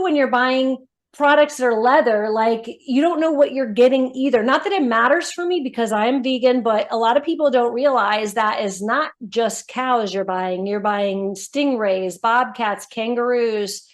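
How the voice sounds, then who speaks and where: A woman guest on a podcast, telling her story in a casual, animated way, with lots of "like" and "you know". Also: on the high side. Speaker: guest, brand founder.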